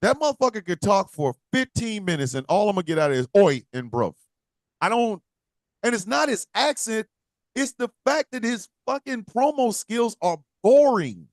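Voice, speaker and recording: A man with a high, wildly swinging voice rants loosely about wrestling, full of cursing and mock impressions. The sound is dry and close, with no room around it. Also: normal speed, dry recording. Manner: animated, profane ranting with mock voices. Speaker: podcast co-host. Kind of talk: casual wrestling chat.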